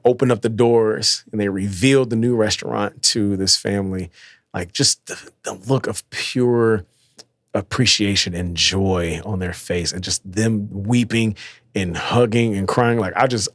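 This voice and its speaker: A man's voice: lowish voice, fairly even intonation, measured pace, dry recording, clean studio sound. A man hosting a casual motivational podcast, talking loosely with lots of fillers and slang. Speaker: podcast host.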